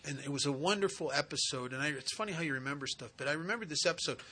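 A man giving a spiritual recovery talk, telling stories and acting out the dialogue in an animated way. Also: fairly high pitch, rapid-fire, breathy edge.

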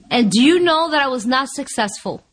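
A woman sharing her recovery story before an audience, candid and wry, often laughing at herself. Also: high-pitched. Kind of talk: personal testimony before an audience.

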